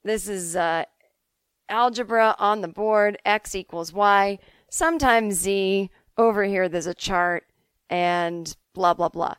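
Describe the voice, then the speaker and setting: A woman voicing a brisk, matter-of-fact male high school algebra teacher. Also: clean tone, dry recording, natural voice.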